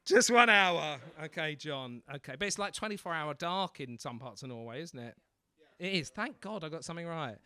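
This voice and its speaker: A man working as the MC at a stand-up comedy night, bantering loudly with the crowd and mocking himself. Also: fairly high pitch, lively intonation, normal speed, clear, resonant tone. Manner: loud, swearing, self-mocking banter. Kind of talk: crowd work between acts. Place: comedy club.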